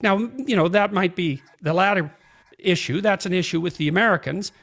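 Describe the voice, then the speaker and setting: High-voiced man from Canada, measured. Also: fairly bright tone. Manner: measured, reasoning argument.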